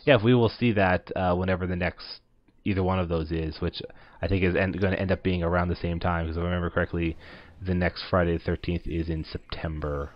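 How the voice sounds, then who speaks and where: Man, deep voice, casual let's-play host, rambling with fillers, dry and muffled lo-fi recording. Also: fairly even intonation, fairly quick, dry recording. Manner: rambling, many filler words. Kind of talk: casual gameplay commentary.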